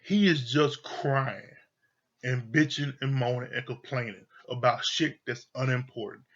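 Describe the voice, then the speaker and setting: A man's voice: mid-range voice, a little slow, fairly bright tone, dull audio. A man giving a heated, profane rant reviewing a reality TV show, exasperated and repeating his points for emphasis.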